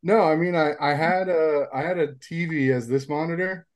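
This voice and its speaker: A man's voice: fairly high pitch, steady tone, normal speed. A man co-hosting a casual podcast over a video call from a phone camera, easygoing and hesitant. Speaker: podcast co-host. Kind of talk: casual chat. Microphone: phone front camera on a video call.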